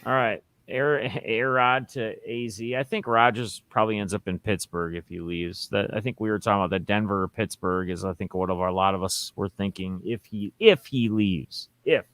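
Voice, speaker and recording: A man's voice: lowish voice, steady tone, moderate pace, hardly any pauses, a bit bright, no room sound. A man hosting a casual sports podcast, rambling through opinions and reading out listener questions. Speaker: podcast host.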